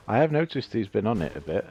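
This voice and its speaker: A man's voice: medium pitch, a little mellow, lo-fi sound, a little hiss or hum. A man chatting casually and laughing often while he plays a game on a livestream. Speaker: streamer playing the game. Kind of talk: casual gaming livestream chat.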